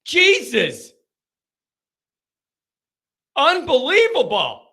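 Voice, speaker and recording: A man hosting a live fan call-in show, chatting casually in an excitable, rambling way and laughing often. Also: very high voice, very slow, gravelly.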